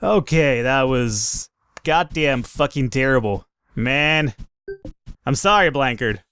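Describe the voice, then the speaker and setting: A man commentating his own gameplay in a let's play, excitable, swearing and laughing at his own mistakes. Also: medium pitch, slow pace, clean tone, faint music behind. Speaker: gaming commentator.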